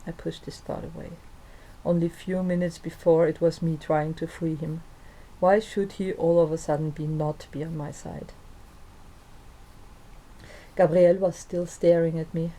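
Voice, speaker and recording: A woman reading her own story aloud in the first person, in a calm, soft-spoken way. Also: low voice, measured pace, long pauses, rough recording. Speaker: narrator and author.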